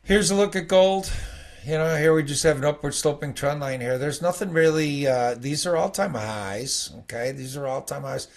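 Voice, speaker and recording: A man's voice: on the high side, normal speed. A man casually walking through futures charts as a trading educator, rambling and checking in with "okay?" after nearly every point. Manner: rambling, conversational, peppered with "okay?".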